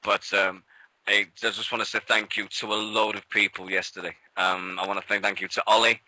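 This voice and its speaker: A British man co-hosting a radio show in casual chat, an excitable storyteller who laughs often and swears freely. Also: fairly low pitch, brisk, no echo, low-quality recording. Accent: British English.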